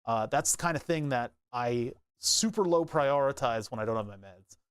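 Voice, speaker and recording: A man's voice: medium pitch, animated, moderate pace, smooth, no echo, studio quality. A young man chatting casually while tinkering at his workbench, rambling and laughing at himself. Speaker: maker streaming his workbench. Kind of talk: casual chat.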